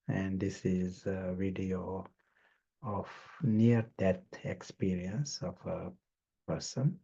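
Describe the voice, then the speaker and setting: A man hosting an online session, introducing videos in an unhurried way with pauses. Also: low voice, gravelly, mellow, breathy edge, dull audio. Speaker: session host.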